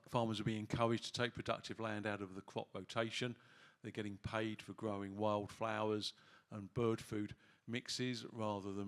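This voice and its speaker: A man's voice: fairly low pitch, fairly bright tone, clean tone. A man finishing a conference presentation, hesitant, with filler sounds between phrases. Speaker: conference speaker. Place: conference hall.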